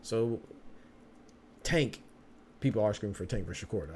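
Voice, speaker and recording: A man's voice: on the low side, lively intonation, moderate pace, long pauses, warm tone, slightly rough. A young man hosting a solo boxing podcast, talking casually in streetwise slang and often repeating himself.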